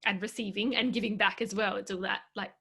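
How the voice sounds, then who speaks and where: A woman's voice: medium pitch, steady tone, fast talker, creaky, pushed and bright, husky. A woman hosting an interview, speaking hesitantly with many fillers and agreeing with her guest. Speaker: interview host. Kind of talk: casual interview chat.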